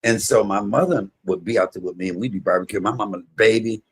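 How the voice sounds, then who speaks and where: Husky low-voiced man telling stories. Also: quick pace. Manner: animated, loud imitations of his mother. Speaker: comedian and vlog host. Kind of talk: casual storytelling monologue.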